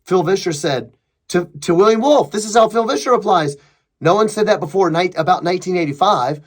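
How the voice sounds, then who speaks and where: Emphatic high-voiced man commenting. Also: expressive, fairly quick. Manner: emphatic, sarcastic, mocking impressions of opponents. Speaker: podcast host. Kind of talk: opinionated commentary reading a thread.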